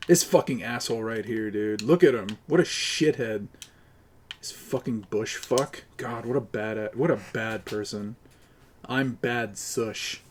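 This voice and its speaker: Over slight background noise, a man with a lowish voice gives live gaming stream commentary at a moderate pace. He argues with his chat and curses his teammates in a profane, combative rant.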